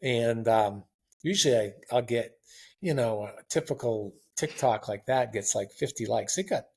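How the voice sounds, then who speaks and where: A man in his sixties chatting as a podcast guest, telling long rambling stories in a relaxed, anecdotal way. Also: mid-range voice, normal speed, vocal fry, a little hiss or hum. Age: 60s. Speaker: guest marathon runner. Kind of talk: casual interview chat.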